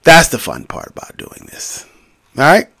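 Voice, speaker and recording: Male solo podcaster, slightly high and very lively voice, loose and profane, recorded dry. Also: normal speed, creaky, no room sound. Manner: rambling, profane, animated with sudden loud outbursts. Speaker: podcast host. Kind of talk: casual solo podcast monologue.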